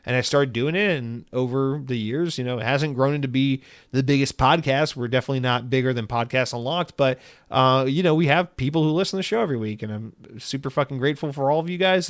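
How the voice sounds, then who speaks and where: A man's voice: medium pitch, no echo, clean studio sound. A man hosting a solo podcast, reading listener mail in a rambling, profane, self-deprecating chat.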